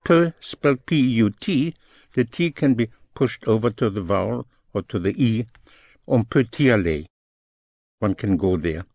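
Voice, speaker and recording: A man teaching French phrases as a language lesson, speaking slowly and deliberately, repeating each phrase in English and French. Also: fairly low pitch, warm tone, dry recording.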